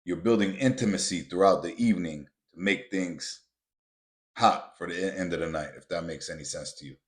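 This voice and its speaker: A man hosting a motivational podcast, talking bluntly and with a lot of profanity, often building up to loud, emphatic rants. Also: sits low, a little fast. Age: adult with children. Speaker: podcast host.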